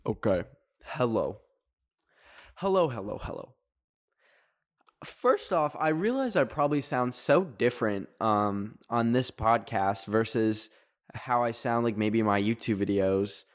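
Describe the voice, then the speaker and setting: A young man from Canada hosting a podcast, talking casually in a rambling, animated way, full of fillers. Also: mid-range voice, unhurried. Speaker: podcast host.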